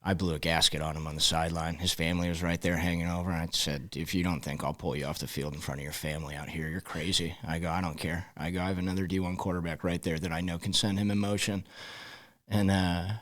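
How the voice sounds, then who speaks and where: A middle-aged football coach with a low voice talks through his stories at an easy pace. He slips into the voices of the people he quotes, plays them out briefly, then goes back to telling. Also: fast talker. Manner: relaxed storyteller who acts out quoted dialogue. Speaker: high school football head coach. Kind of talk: podcast interview, storytelling.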